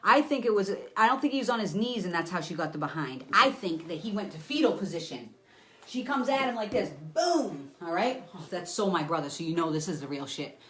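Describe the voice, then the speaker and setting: A fairly quick, low-leaning female voice: she's a psychic giving viewers a live reading. Energetic and profane, she acts things out with noises and speaks to a listener who isn't shown.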